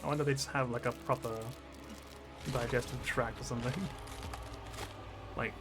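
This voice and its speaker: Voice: mid-range voice, steady tone, moderate pace, music in the background. A streamer giving casual watch-along commentary, rambling with lots of "like" and frequent laughs. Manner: rambling, full of "like" fillers, laughs often.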